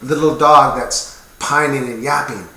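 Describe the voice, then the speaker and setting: A man's voice: medium pitch, steady tone, normal speed, bright, forceful tone. Earnest man talking in an echoey room. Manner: earnest, rambling, with small asides and jokes. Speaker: military veteran sharing his experience. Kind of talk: casual explanatory talk to camera.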